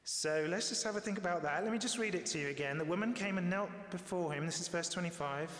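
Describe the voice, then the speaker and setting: Guy preaching a sermon, chatty and animated, voice rings round a big hall with long reverb. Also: high-pitched, fast. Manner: lively, conversational, acts out quoted voices.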